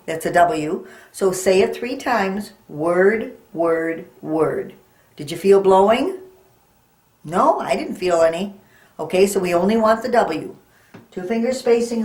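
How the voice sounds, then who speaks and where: Woman, reading teacher, slow and patient phonics delivery, roomy echo. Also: fairly low pitch, a little mellow. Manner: slow, patient, sounding out letters. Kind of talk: children's phonics lesson. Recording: echoey room.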